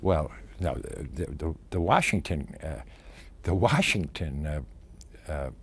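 An older man, an actor, reminiscing in an interview in a halting way, with many fillers and restarts. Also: a bass voice, gravelly, breathy edge. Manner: halting, many fillers and restarts, animated when stressing points.

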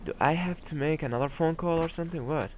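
A man's voice: a little high, fast, slight background noise. A man commenting on a video game as he plays, musing hesitantly with many fillers. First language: Arabic. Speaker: gamer. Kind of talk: let's play commentary.

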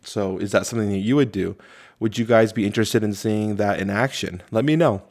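A man reviewing a tabletop game, reading rule text aloud slowly and thinking out loud with many fillers and restarts. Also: fairly low pitch. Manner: halting, many fillers, reads rules slowly.

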